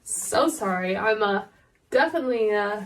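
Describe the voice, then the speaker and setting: A woman in a sneezing fit, talking haltingly and apologizing between coughs and sneezes. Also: medium pitch, lively intonation, distant mic. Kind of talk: sneeze fetish role-play.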